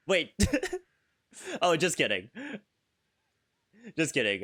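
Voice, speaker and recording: A man's voice: mid-range voice, sing-song, fairly quick, pauses often, pushed and bright. A man streaming a game in casual chat, self-deprecating and giggly, often stammering and restarting his sentences.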